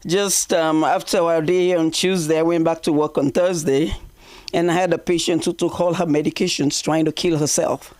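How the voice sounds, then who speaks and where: A man's voice: steady tone, normal speed, a little mellow. A man doing stand-up at an open mic, telling a personal story in a chatty way and often laughing. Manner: laughs often and breaks into high squeals.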